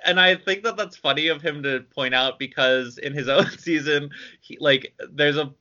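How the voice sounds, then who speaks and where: A man's voice: a little high, steady tone, moderate pace, bright, forceful tone, dull audio. A man co-hosting a podcast in casual chat, rambling with many fillers and laughing as he talks. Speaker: podcast co-host.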